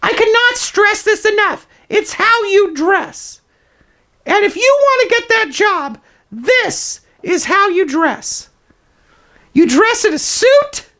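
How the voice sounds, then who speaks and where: A man's voice: extremely high pitch, animated, takes it slowly, pushed and bright, heavily acted. A man voicing a zany toilet paper roll puppet who gives over-the-top, mock-authoritative advice in an improvised comedy presentation. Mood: mock-serious.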